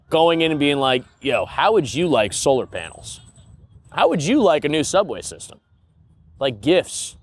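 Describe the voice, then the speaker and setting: A young man hosting a podcast, rambling through a casual comedic monologue and laughing at his own stories. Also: mid-range voice. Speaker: podcast host.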